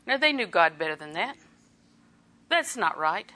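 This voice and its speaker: Woman preacher, bright clear tone, chatty sermon delivery with little chuckles and voiced asides. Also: mid-range voice, animated, fairly quick.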